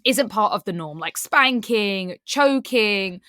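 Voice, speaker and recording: A woman's voice: mid-range voice, takes it slowly, no room sound. Woman, frank podcast guest storyteller, dry intimate mic. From Southwest London, England. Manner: frank and animated, swears freely. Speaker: guest, sex educator. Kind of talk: candid storytelling in podcast chat.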